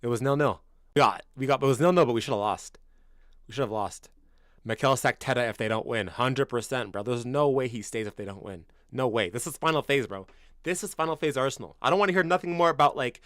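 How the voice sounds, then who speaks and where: A man's voice: mid-range voice, fast, no echo, clean studio sound. A man in his twenties from Canada, a football fan streamer chatting casually with viewers, blunt and slangy, calling everyone bro and swearing freely. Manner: gets loud and incredulous in bursts. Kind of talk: casual livestream chat reacting to viewers.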